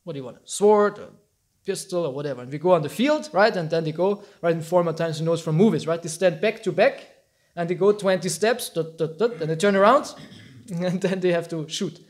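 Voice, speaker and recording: A man tells an old epic story to a small group, loose and informal. He acts out the quotes and laughs often. His voice sits high. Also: a little fast. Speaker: teacher giving a talk.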